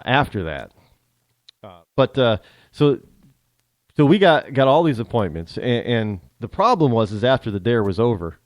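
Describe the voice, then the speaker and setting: A talk show host from the northern United States chats alone in a rambling way, with many restarts and a northern American accent. His medium-pitched voice has a darkish tone, with no echo.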